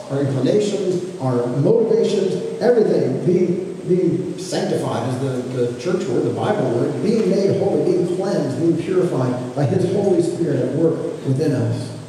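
A man in his thirties preaching a conversational sermon as pastor, gentle and unhurried, often restarting his phrases. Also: fairly high pitch. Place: church sanctuary. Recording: echoey hall, from far off, faint noise.

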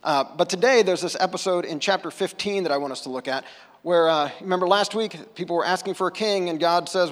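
A man's voice: high voice, fairly quick. A man from the United States preaching a sermon at church in a casual, conversational way, with self-deprecating asides. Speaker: pastor. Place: church sanctuary. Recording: long hall reverb.

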